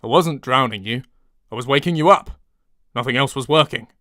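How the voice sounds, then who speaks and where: A man voicing a gallant male centaur with a low, warm voice and a light Northern English accent, swallowing some consonants. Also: fairly quick, no room sound, studio quality, lightly acted. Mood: gallant, friendly. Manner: dropped consonants, low and easygoing.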